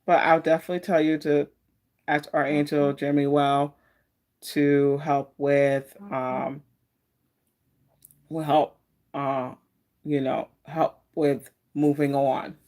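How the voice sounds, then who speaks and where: A woman's voice: sits low, flat delivery, slow, long pauses, a little mellow. Woman, tarot live-streamer, rambling and friendly-casual delivery. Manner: chatty and meandering, greets viewers by name. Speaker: tarot card reader hosting a live stream.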